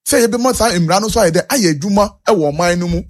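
A man's voice: sits high, fast. A man with a Ghanaian accent being interviewed, making earnest points, repeating himself and switching between Twi and English. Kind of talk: street interview on national issues.

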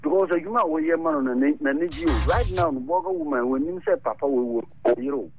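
Gravelly man calling in. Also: medium pitch, fast talker, soft background music. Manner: animated, mixes local language with English. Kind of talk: radio call-in talk. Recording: lo-fi radio broadcast.

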